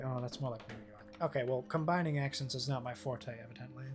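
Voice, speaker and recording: A man with a mid-range voice streams a video game, talking fast with few pauses. He chats casually, thinks aloud and swears freely while game music plays behind him.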